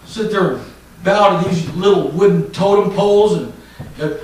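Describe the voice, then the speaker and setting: A man preaching a fiery sermon, swinging from loud mocking shouts to low, intense warnings. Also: normal speed, slight background noise. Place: church hall. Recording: echoey church hall mic from a distance.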